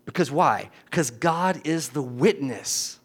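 A man's voice: on the high side, expressive, measured pace, slightly rough. Middle-aged guy pastor preaching, chatty, keeps going "right?", restarts his sentences a lot. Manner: conversational preaching, frequent "right?" asides and restarts. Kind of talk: sermon.

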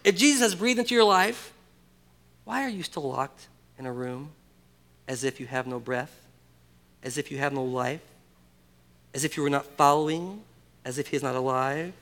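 High-voiced preacher swinging loud to hushed. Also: male voice, normal speed, long pauses. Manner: dynamic, swinging between loud emphatic calls and hushed intimate asides; asks the congregation rhetorical questions. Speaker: pastor. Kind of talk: sermon. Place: church.

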